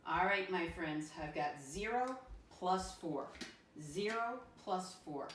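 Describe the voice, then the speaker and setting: A woman teacher speaks to young children in a sing-song way and spells words out slowly, one letter at a time. She sounds a little far from the mic. The room around her is echoey, with faint ambient noise. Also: on the low side, lively intonation. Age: adult with a son. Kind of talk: first-grade math lesson.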